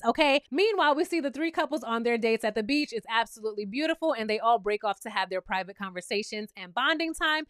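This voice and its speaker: A high-voiced woman recaps a reality show with sassy commentary, scolding the cast and throwing in lively asides. The sound is dry and close, with no room around her voice. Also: fast, few pauses, no room sound. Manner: sassy, talks back to the cast, animated asides.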